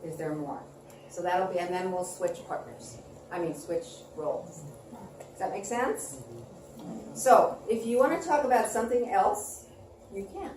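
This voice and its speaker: A woman's voice: lowish voice, a little slow, long pauses. Woman guiding a workshop in a roomy hall. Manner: calm, instructive, gentle pacing. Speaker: workshop facilitator. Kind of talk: guiding a group exercise. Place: large conference hall. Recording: roomy hall from far off, noisy.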